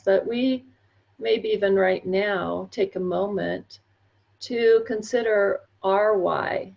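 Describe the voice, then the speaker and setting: A woman, a therapy trainer, speaking slowly and reflectively in an online workshop over a video call. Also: medium pitch, creaky, muffled recording. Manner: slow, reflective, gentle.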